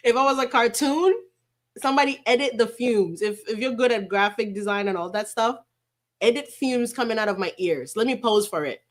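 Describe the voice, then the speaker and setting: A woman's voice: a little high, moderate pace. A woman chatting casually with viewers on a livestream, blunt and talkative, swearing freely and mixing in Spanish endearments.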